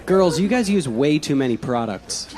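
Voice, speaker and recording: A male comedian with a slightly high voice delivers observational jokes. A loud crowd and heavy noise surround him. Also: very animated, moderate pace. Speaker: stand-up comedian. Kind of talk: stand-up routine.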